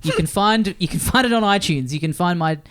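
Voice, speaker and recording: A man's voice: high voice, expressive, fairly quick, a bit bright, clear, resonant tone. An Australian man in his thirties hosting a podcast, telling self-deprecating stories in casual chat and swearing freely. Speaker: podcast host.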